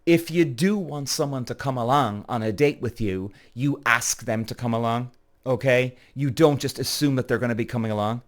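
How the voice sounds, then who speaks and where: An Irish man hosting a podcast, telling a story in an animated, exasperated way. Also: mid-range voice, moderate pace. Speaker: podcast host. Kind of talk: casual storytelling.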